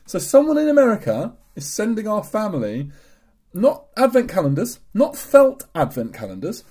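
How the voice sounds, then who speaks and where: A man's voice: sits high, huge pitch swings, moderate pace, darkish tone, slightly rough. A man from England, a podcast co-host, telling stories in casual chat, swearing and laughing often.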